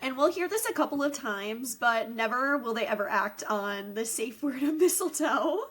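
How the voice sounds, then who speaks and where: A woman's voice: a little high, expressive, normal speed, a bit bright. A woman co-hosting a podcast, chatting about a film with enthusiastic, gushing asides. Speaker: podcast co-host. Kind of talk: casual chat recapping a film.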